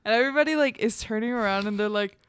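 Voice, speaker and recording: A woman's voice: fairly high pitch, rapid-fire, clean tone, no room sound. Young woman, casual storytelling, dry sound. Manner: storytelling, swears casually, drops into Spanish. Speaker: podcast co-host. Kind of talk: casual chat.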